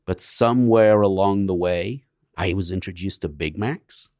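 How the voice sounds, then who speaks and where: A man's voice: sits low, moderate pace, a little mellow, dry recording. A middle-aged man from England, his English accent drifted toward mid-Atlantic, answering interview questions with dry, self-deprecating humor. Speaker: guest scientist. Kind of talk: relaxed interview talk.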